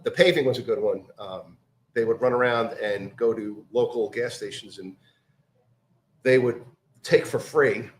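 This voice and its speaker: A man telling a story in casual chat, halting with many fillers and restarts. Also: on the low side, echoey room, a little hiss or hum.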